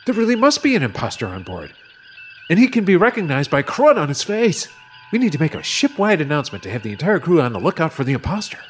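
A scatterbrained politician whines and drifts off topic in a slightly high voice, as a man acts it out. His pitch bounces all over. Faint noise hangs behind it. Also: wildly swooping pitch, fast. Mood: whiny. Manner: whiny, rambling, easily distracted. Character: fretful, scatterbrained male politician crewman. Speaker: voice actor.

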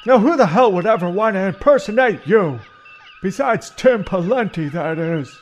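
A man's voice: sits high, lively intonation, normal speed, a little hiss or hum. A man voicing an impatient male officer who hurries the others along in a comedy audio play. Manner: brusque, impatient. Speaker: voice actor.

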